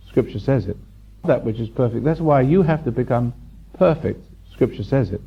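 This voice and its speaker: A man holds forth at a live seminar, circling back over his points and chuckling at his listeners. His voice is gravelly and a little husky. The tape sounds dull and lo-fi, like an old hotel-room recording. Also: medium pitch, expressive, moderate pace. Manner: rambling and repetitive, chuckling, teasing the audience. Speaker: seminar speaker. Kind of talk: live spiritual lecture to an audience. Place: hotel function room before a live audience.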